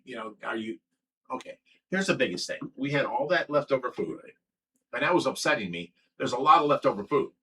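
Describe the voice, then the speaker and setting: A man's voice: medium pitch, pushed and bright, husky. A man hosting a casual livestream, blunt and rambling, reading chat comments aloud and talking at length. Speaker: livestream host. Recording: from a distance with faint background noise.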